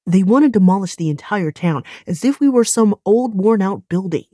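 A woman's voice: medium pitch, expressive, normal speed, dark tone, no echo, clean studio sound, close to an everyday voice. A woman voicing a stubborn young man who is defiant and indignant about his hometown, in a storybook reading.

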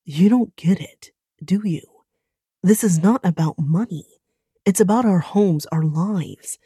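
A woman's voice: on the low side, a little slow, mellow, husky, dry recording, studio quality. A woman voicing a stubborn young man who is defiant and indignant about his hometown, in a storybook reading.

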